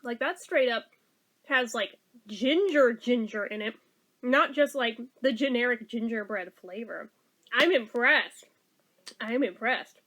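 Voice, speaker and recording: A woman's voice: fairly high pitch, lively intonation, measured pace, a bit bright. A woman vlogger giving a casual taste-test review, chatty, sometimes talking while chewing.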